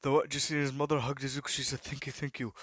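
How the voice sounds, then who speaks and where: A man's voice: medium pitch, flat delivery, rapid-fire, a bit bright, no room sound, studio quality. A young man casually narrating an improvised fan story, rambling with lots of fillers and repeated prompts to himself.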